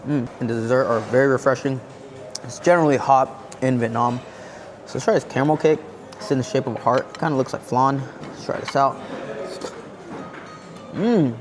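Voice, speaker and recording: A man's voice: medium pitch, normal speed, pauses often, over music. A man vlogging a casual food review at a hotel buffet, chatting as he tastes and humming contentedly between bites. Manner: chatty, savoring each bite with contented hums. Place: indoor hotel buffet restaurant. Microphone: camera-mounted shotgun mic.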